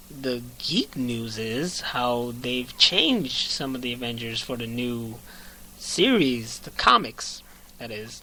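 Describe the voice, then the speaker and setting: Brief: bright-voiced, joking male podcast host, loud and playful. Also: mid-range voice, slight background noise, low-quality recording. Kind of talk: casual podcast chat.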